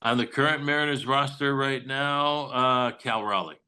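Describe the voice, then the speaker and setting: Bright-voiced older man telling stories. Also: medium pitch, moderate pace, clear, resonant tone, low-quality recording. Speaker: Mariners broadcaster, guest. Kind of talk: casual interview chat, storytelling.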